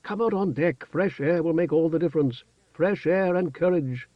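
A man reading the part of a firm, no-nonsense middle-aged woman in an audiobook, brisk and then quietly tender. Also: a little high, dry recording, lo-fi sound, pitched above the performer's own voice, lightly acted. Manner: firm, brisk, scolding then softly warm.

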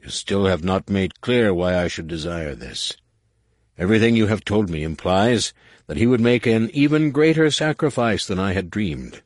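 A man voicing a stern, menacing alien male war master with a rasping, growling delivery. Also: lowish voice, expressive, moderate pace, no room sound, clean studio sound, voice pushed up. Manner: curt, threatening.

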